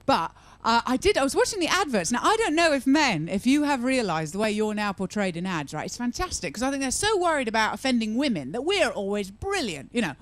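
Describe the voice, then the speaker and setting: Female stand-up comic, chatty and sarcastic, animated delivery. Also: a little high, fairly quick, few pauses. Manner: chatty, teasing the crowd, sarcastic asides. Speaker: stand-up comedian. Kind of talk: stand-up comedy set. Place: live comedy venue with audience.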